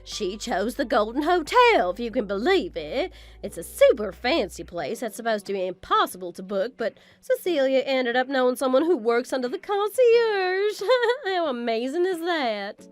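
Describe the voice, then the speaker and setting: A woman's voice: high-pitched, very animated, normal speed, no room sound, faint music behind. A woman playing a vain, belittling middle-aged mother-in-law in a text-story drama. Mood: boastful. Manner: haughty, belittling, self-admiring.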